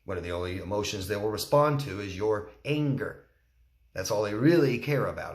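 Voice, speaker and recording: A man's voice: fairly low pitch, animated, fairly quick, reverberant. A man, a relationship coach, answering viewer questions in a candid, plain-spoken way and acting out quotes. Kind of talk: solo Q&A talk to camera.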